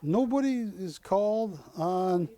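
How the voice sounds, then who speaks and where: A man with a high-sitting yet dark, expressive voice calls bids slowly at a live shopping-channel auction in a TV studio. He jokes, pleads with viewers, and builds rising calls of "going once, going twice," with no echo in the sound.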